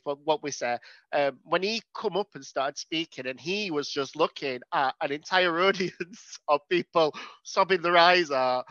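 A co-host telling a story in a lively, casual way and acting out their own reactions. The voice is bright and sharp. The recording is dry and a little dull. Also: mid-range voice, dry recording. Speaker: podcast co-host. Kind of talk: casual chat.

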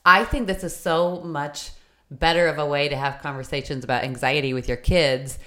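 A woman hosts an interview with a slightly low voice. She is animated and enthusiastic, and she acts out bits of dialogue as she talks. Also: moderate pace. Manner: animated, acts out little quoted exchanges. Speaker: host. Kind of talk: conversational interview.

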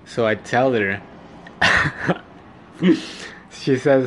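A man's voice: mid-range voice, takes it slowly, a bit bright. A young man telling a story casually, rambling, laughing often and swearing, while snacking. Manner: eating while talking. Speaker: vlogger.

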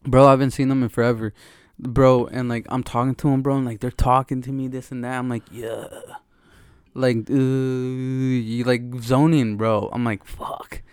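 A man's voice: medium pitch, flat delivery, moderate pace, few pauses, a little mellow, clear, resonant tone, dry recording. A man co-hosting a podcast, talking in a laid-back, slangy, joking way. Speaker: podcast co-host. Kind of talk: casual chat.

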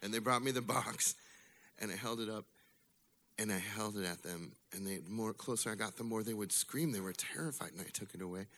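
Storyteller: man, low voice with a creaky grit, casual and wry, swears freely, live bar story night. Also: fairly quick, a bit bright. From Illinois. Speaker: storyteller at a bar open mic.

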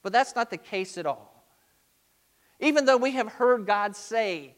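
A man preaching a sermon, earnest and emphatic, slowing down to stress key words. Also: extremely high pitch. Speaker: pastor.

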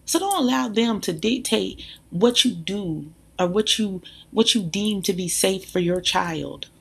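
A woman, a mother, speaking in a casual, animated monologue, talking emphatically and directly to her listeners. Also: medium pitch, unhurried, creaky, husky. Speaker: mother sharing views.

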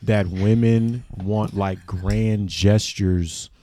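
A man's voice: on the low side, steady tone, drawn-out words, dark tone. A man chatting frankly on a casual podcast, laid-back in delivery.

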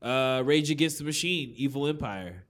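A man's voice: medium pitch, lively intonation, moderate pace, a bit bright. A man co-hosting a music podcast in loose, profane, joking casual chat. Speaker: podcast co-host.

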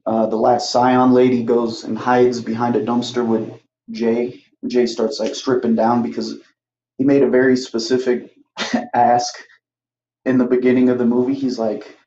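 Young dude podcasting a movie recap, swears a lot, dull lo-fi sound, kinda echoey. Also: male voice, mid-range voice, flat delivery, unhurried, mellow, a little hiss or hum. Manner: rambling, swears freely, acts out characters' lines. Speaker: podcast host. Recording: muffled, roomy home recording.

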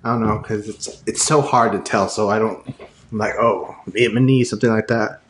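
A man's voice: lowish voice, little pitch movement, a little fast, a bit bright, roomy sound, slight background noise. A young man chatting casually with a friend, rambling and hesitant with lots of fillers. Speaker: friend in conversation. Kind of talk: casual chat.

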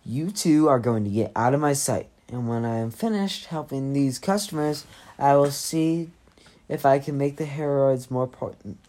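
A woman's voice: extremely low pitch, normal speed, warm tone. A woman reading the part of a wry, short-tempered shopkeeper father in a storybook. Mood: exasperated. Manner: gruff, exasperated.

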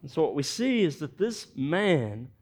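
A man with a fairly high voice preaches a sermon. He reads the scripture aloud and acts out each character's lines in an animated way, pausing to comment. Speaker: pastor.

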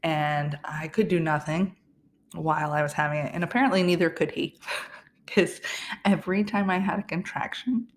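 Low-pitched young woman host, chatty and laughing, faint noise behind. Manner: chatty, laughs often, trailing restarts. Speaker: podcast host. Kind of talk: casual personal storytelling.

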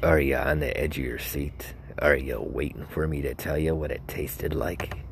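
A man's voice: rumbling low, steady tone, normal speed, creaky, noisy background. A young man hosting a casual show, telling rambling, joking stories with many asides and self-interruptions. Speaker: podcast host.

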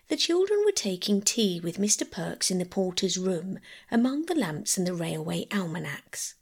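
Gravelly woman reading a bedtime story. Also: fairly low pitch, sing-song, normal speed, hardly any pauses. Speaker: audiobook narrator. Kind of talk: scripted bedtime story narration.

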